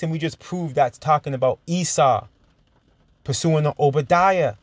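A man preaching and teaching from scripture, emphatic and chuckling, drawing out verses slowly as he reads. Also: on the high side, no echo. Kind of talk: sermon-style Bible teaching.

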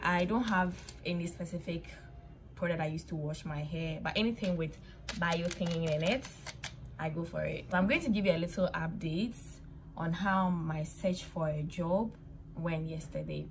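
A woman's voice: lowish voice, normal speed, slight background noise. A woman vlogging to a handheld phone, chatty and laughing often, tired and cold from the winter. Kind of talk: casual vlog talk to camera. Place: outdoors in winter streets, later at home.

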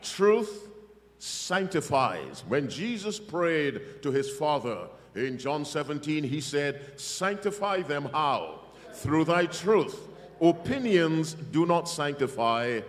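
Slow, emphatic male preacher in a hall. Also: a little high, very animated. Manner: slow, emphatic, calls for congregation responses. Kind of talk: revival sermon. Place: church hall.

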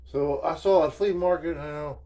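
A man's voice: fairly high pitch, brisk, dark tone. A man hosting a casual video journal. He rambles in a laid-back, storytelling way, with slang, swearing and constant "man" and "you know what I'm saying.". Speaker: video host.

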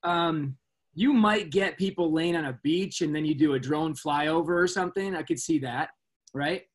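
Upbeat man hosting, fairly high voice. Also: moderate pace. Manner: upbeat, playful questions. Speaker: host, physician. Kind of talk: interview hosting.

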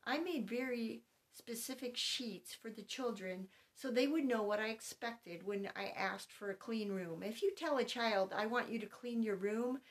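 A middle-aged woman in an instructional talk, speaking in an even, unhurried way. She lays out her advice step by step, careful and precise with each point, like a homeschooling mother coaching other parents. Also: a little high. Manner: calm, methodical, spells things out point by point.

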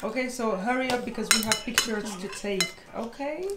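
A woman's voice: fairly high pitch, moderate pace, heavy background noise. A woman filming a casual family vlog, chatty and laughing often as she talks to the camera. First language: French. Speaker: mother and vlogger.

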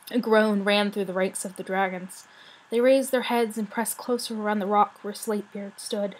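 A woman reading a children's fantasy novel aloud with expressive, measured narration. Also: mid-range voice, low-quality recording.

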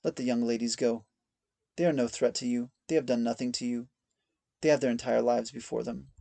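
A man playing a steady defiant gardener. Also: medium pitch, fairly quick, vocal fry, no echo, lightly acted. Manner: even tone, steady. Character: defiant weathered male gardener, calm and stubborn.

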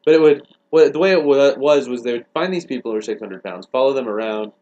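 A man's voice: medium pitch, fast, mellow, highs cut off. A man in casual comedic chat, rambling in a dry, wry way. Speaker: podcast co-host.

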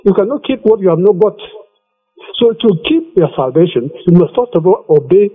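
Emphatic preacher on a tinny phone line. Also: male voice, high voice, sing-song, a little fast, faint music behind. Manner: emphatic, repeats scripture. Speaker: evangelist. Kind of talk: radio preaching.

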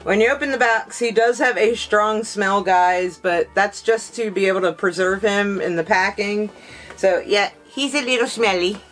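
A woman's voice: medium pitch, normal speed, a bit bright, faint music behind, poor audio. A woman hosting an unboxing video, talking to her viewers in a gushing, emotional way as she unpacks a collectible figure. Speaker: collectibles reviewer. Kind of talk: excited unboxing vlog.

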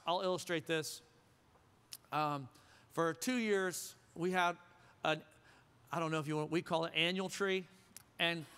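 A man's voice: high-pitched, sharp tone, clean tone, in a large hall. A man preaching a sermon as pastor, conversational and joking, often asking the congregation questions. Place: church sanctuary.

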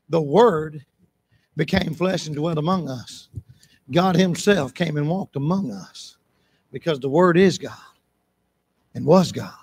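A man preaching a sermon in church, impassioned, repeating phrases for emphasis and breaking into shouts. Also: high voice, breathy edge.

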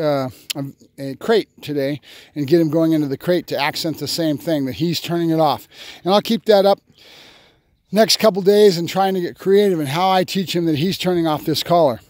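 A man, a dog trainer, explaining his method step by step in a field, now and then breaking into excited praise for his dog. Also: a little high, no room sound, clean studio sound. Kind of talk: outdoor training demonstration. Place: open field outdoors.

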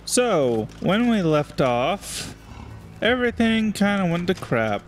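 Man for let's play host, slow sarcastic commentary, slightly high voice. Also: very animated, faint music behind. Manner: sarcastic, joking. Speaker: gaming channel host.

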